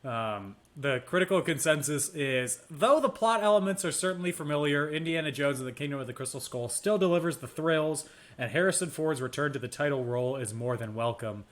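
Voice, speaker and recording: Lively young man reading podcast notes. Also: on the high side, fairly quick. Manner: reads notes aloud, dry playful asides. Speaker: podcast co-host. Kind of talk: casual chat.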